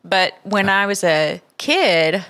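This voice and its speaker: A woman co-hosting a casual chat about music, relaxed and quick to laugh. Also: medium pitch. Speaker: co-host.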